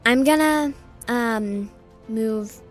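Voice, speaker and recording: A woman playing a tabletop game, talking casually in a halting way with frequent fillers. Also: fairly high pitch, soft background music. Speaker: player.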